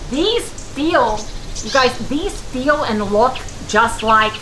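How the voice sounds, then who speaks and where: A woman hosting a casual cooking vlog from her home kitchen, gushing excitedly and calling her viewers "you guys.". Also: high-pitched, takes it slowly, background noise. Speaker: keto cooking channel host.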